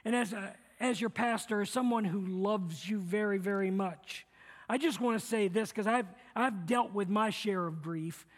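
A man's voice: high voice, normal speed. A middle-aged male pastor preaching a sermon, earnest and repetitive, leading the congregation to repeat lines back to him. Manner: earnest, repeats phrases, leads the congregation in call-and-response. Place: church sanctuary. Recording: long reverb of a church hall.

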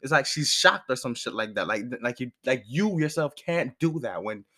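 A man's voice: medium pitch, expressive, moderate pace, sharp tone. A young man telling a story in a casual rant, annoyed and swearing, acting out both sides of an argument. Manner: annoyed, swearing, retells arguments with quoted lines.

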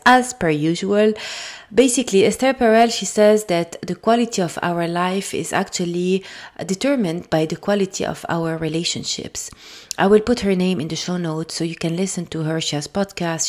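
A woman with a French accent, hosting a podcast and talking things through in a gentle, thoughtful way with frequent fillers and restarts. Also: lowish voice. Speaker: podcast host. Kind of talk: casual solo podcast talk.

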